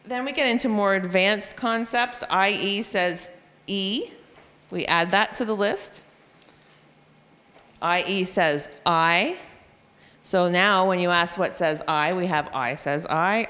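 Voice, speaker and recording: A woman's voice: lowish voice, bright, forceful tone. Woman teacher explaining phonics, reverberant hall. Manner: explanatory, spells out letters and sounds slowly. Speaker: reading intervention teacher. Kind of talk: professional development presentation. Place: school room or hall.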